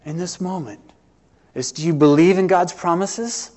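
A man's voice: high voice, normal speed. Preacher man, rising and falling. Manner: earnest preaching with swells and hushed drops. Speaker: pastor. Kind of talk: sermon.

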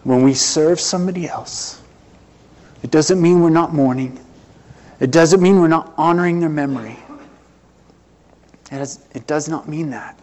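A middle-aged man, preaching a sermon earnestly, with swells and hushed drops. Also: fairly high pitch, unhurried, pauses often. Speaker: pastor.

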